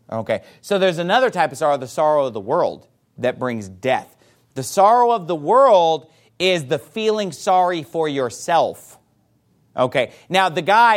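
A male preacher delivering a sermon with a high, lively voice that swoops up and down. He reads scripture aloud and slips into quoted voices as he explains. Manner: animated, acts out quoted voices.

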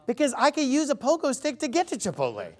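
A man's voice: very high voice, huge pitch swings, fast talker. A man preaching a sermon, emphatic, quizzing the crowd with rhetorical questions.

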